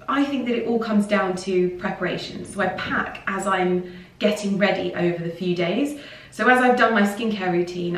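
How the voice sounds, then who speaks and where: A woman's voice: mid-range voice, recorded from a distance, a little hiss or hum. A young woman vlogging casually at home into a handheld camera, bubbly and rambling. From England. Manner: bubbly and rambling, with fillers and self-corrections. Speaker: lifestyle vlogger. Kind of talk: casual chatty vlog monologue. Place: indoors at home, mid-packing. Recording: echoey room, voice a little off-mic.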